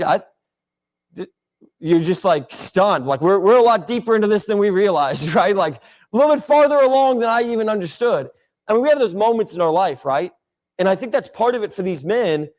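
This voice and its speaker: A man's voice: high voice, lively intonation, brisk. A man leading a casual Bible class discussion in a church classroom, talking in a loose, rambling way with many fillers and restarts.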